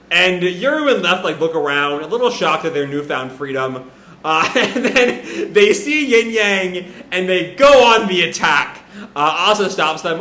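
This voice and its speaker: A man's voice: fairly high pitch, lively intonation, moderate pace, pushed and bright, roomy sound. A man casually recapping a comic chapter as a reaction host, rambling with lots of fillers and the odd swear word.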